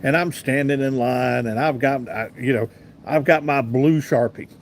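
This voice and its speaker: A man's voice: medium pitch, normal speed, a little hiss or hum. Chatty man in his fifties telling stories. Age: 50s. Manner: chatty, rambling anecdotal delivery with asides to viewers. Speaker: radio talk show host. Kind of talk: casual live-stream storytelling, reading chat comments.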